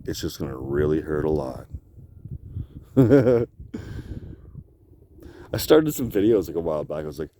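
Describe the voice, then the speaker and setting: Standing outdoors on an icy cliff edge, a man with a low, expressive voice talks to camera slowly, with long pauses. His solo vlog monologue rambles and drifts, full of swearing and laughter between thoughts, over a noisy background.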